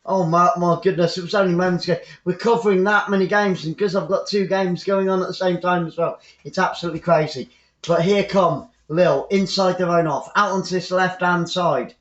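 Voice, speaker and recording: A man's voice: sits high, fairly even intonation, fairly quick. An English man giving chatty live football commentary for an online stream, repeating his phrases and rambling into asides. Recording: roomy, dull lo-fi sound.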